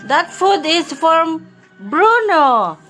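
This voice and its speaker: A woman scolds her dog in a high voice, talking very slowly in broken English. She repeats the same questions with mock indignation, and faint music runs behind her. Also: sing-song, fairly bright tone. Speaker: pet owner vlogger. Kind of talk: scolding a pet.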